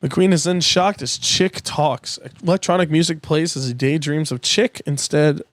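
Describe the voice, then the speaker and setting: A man's voice: a little high, normal speed, no echo, studio quality. A man reading a transcript aloud in a plain way, stumbling now and then and sometimes swearing. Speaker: youtuber.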